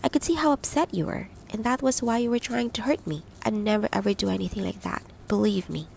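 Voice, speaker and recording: A woman narrator voicing a frank, caring young woman friend who speaks briskly and earnestly in an audiobook. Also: mid-range voice, creaky, a little mellow, slight background noise.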